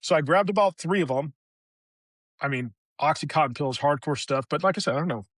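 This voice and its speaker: Brief: middle-aged male veteran guest, raw and candid, swears freely, voice a bit high, dry close sound. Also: fairly quick, fairly bright tone, dry recording. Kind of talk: candid personal storytelling.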